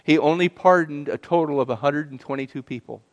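A man's voice: fairly high pitch, fairly quick. A middle-aged man giving an earnest personal testimony as a guest speaker, telling his story and asking the audience questions. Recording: long hall reverb.

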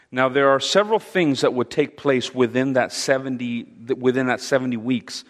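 A man's voice: medium pitch, fairly bright tone. Man teaching scripture in a reverberant hall. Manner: halting, with fillers and repeated words; asks the audience questions. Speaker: Bible teacher. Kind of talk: interactive Bible study teaching. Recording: long reverb of a large hall.

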